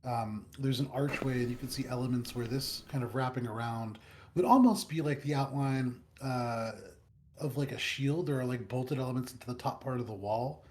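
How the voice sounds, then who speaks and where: A man's voice: mid-range voice, normal speed, darkish tone. A man narrating a tabletop game as dungeon master, describing the scene with frequent ums and uhs. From United States.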